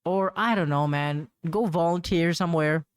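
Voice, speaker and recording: A man's voice: a little high, normal speed, clear, resonant tone, dry recording. A man hosting a casual solo podcast, rambling with lots of fillers and restarts, slangy, and laughing at awkward moments. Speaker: podcast host.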